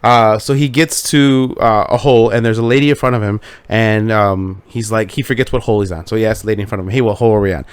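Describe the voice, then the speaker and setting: A man's voice: fairly low pitch, steady tone, fast, few pauses, clean tone, no room sound. A man co-hosting a podcast, chatting casually, swearing freely and telling a joke with laughs along the way. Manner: loose, swears often, tells jokes with laughter. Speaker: podcast co-host. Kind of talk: casual chat.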